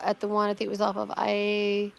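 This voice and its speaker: A woman's voice: mid-range voice, completely flat delivery, fairly quick, creaky, lo-fi sound. A middle-aged woman in a casual conversation, telling her own story in a rambling way, repeating words, restarting sentences and quoting what others said. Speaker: guest recounting her own amateur investigation.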